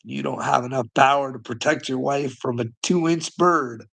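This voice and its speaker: A man's voice: medium pitch, normal speed, creaky, fairly bright tone, low-quality recording. A man giving rambling casual commentary to a viewer, chuckling often and swearing freely. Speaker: online commentator.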